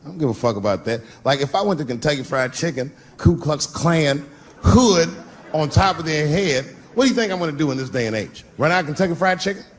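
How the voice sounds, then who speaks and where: Guy in his 50s doing standup, jumps from loud bursts to low mutters, noisy live crowd. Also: lively intonation, fairly quick. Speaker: stand-up comedian. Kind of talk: stand-up routine. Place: stage before a live audience. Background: audience laughter.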